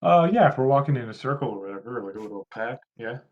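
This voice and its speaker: A man's voice: medium pitch, lively intonation, quick pace, dull audio. Laid-back man playing a tabletop game. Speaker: player. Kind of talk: casual in-character play.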